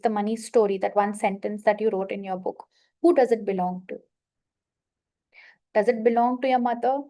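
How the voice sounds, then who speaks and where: A woman coach leading a guided money affirmation exercise, slowly repeating statements and giving prompts to her listeners. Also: a little high, dark tone. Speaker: manifestation coach leading a workshop.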